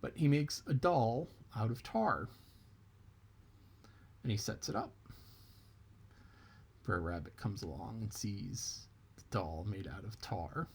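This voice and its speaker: A man's voice: fairly low pitch, lively intonation, slow, vocal fry, pauses often, a little hiss or hum. A man telling a folk tale in a casual, chatty way, stopping to explain things as he goes. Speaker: storyteller.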